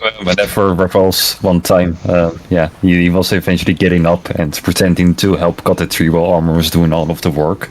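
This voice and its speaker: Low-voiced man playing a tabletop game. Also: brisk, hardly any pauses. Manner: hesitant, lots of fillers, swears when excited. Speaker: player. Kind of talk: in-character tabletop role-play.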